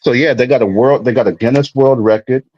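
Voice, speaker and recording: A man co-hosting a casual boxing chat, recapping fights in a relaxed, slangy way. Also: medium pitch, brisk, lo-fi sound, noisy background. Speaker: boxing show co-host.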